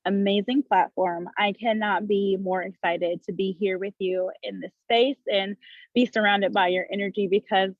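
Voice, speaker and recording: A woman guest on a podcast, talking in a warm, grateful and slightly flustered way over a video call. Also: medium pitch, steady tone, moderate pace, no room sound, narrow, tinny audio. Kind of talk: casual interview chat.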